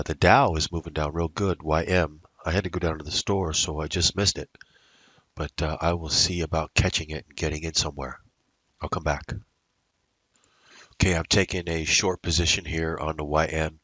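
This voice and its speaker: A man's voice: very deep voice, a bit bright, dry recording. A man day trading at his computer, narrating his moves in a rambling, casual way full of fillers. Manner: rambling, muttering to himself with fillers. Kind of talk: casual live trading commentary.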